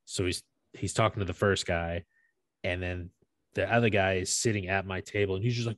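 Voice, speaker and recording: Young male podcast co-host, low pitch, dry close mic, casual swearing storyteller. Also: a little fast, no room sound. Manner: animated storytelling, swears freely, laughs often. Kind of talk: casual chat.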